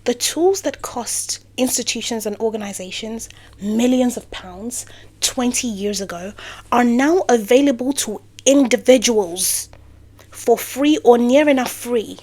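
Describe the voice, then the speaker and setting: Woman doing a motivational vlog, kinda high voice, goofy sarcastic asides. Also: measured pace, darkish tone. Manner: playful, sarcastic, breaks off into rambling asides. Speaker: vlogger. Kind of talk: motivational talk to camera.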